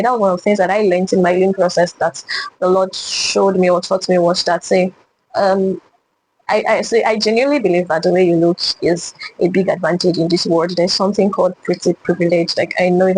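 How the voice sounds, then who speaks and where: Fast-talking young woman sharing her story. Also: on the low side, darkish tone, husky, low-quality recording. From Nigeria. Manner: earnest and reflective, with many restarts and fillers. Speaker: vlogger. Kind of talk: personal testimony to camera.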